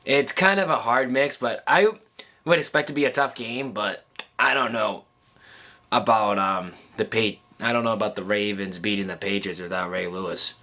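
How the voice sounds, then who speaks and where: Addressing his viewers directly, a sports vlogger delivers a casual, emotional monologue about the playoffs, sounding close to tears. His lowish voice has a bright, forceful tone, but he halts often, restarts sentences and fills gaps with ums.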